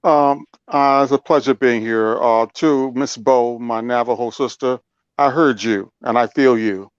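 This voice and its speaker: Male caller, mid pitch, earnest and reassuring, muffled dry line. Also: measured pace, clean tone, dry recording. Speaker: radio guest. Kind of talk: brief on-air farewell. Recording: dull, dry phone-in sound.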